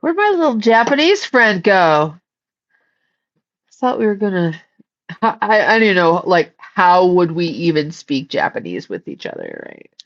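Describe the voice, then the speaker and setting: A woman's voice: on the low side, highs cut off. A woman hosting a casual livestream, chatting and giggling as she reads viewer comments. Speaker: psychic livestream host.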